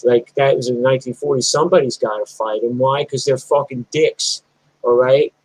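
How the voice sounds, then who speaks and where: A middle-aged punk musician ranting in a blunt, rambling, profane monologue vlog. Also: male voice, mid-range voice, moderate pace, slightly rough, dry recording, poor audio.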